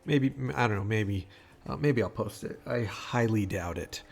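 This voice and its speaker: A man's voice: on the low side, unhurried, vocal fry. A man talking casually into a home microphone for his audio vlog, rambling with lots of fillers, restarts and swearing. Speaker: vlogger. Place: home room. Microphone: new microphone at home.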